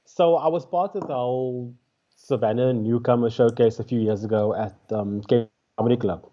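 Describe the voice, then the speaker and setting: A man recounting a stand-up gig as a guest, full of fillers and restarts. His voice sits in a middle pitch and comes through a dull, lo-fi remote connection. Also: moderate pace. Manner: animated storyteller with frequent fillers and restarts. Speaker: guest comedian. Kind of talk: casual interview storytelling. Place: remote call during lockdown.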